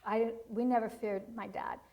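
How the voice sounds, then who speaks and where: A woman's voice: a little high, fairly even intonation, moderate pace, darkish tone, rough recording. A middle-aged woman giving a parenting seminar, telling stories and teaching in an earnest way. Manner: earnest, storytelling with acted quotes. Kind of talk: seminar talk with personal stories.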